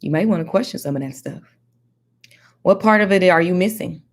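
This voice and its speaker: A woman giving casual Bible teaching in a slangy, animated, preachy way. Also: on the low side, a little fast. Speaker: faith teacher.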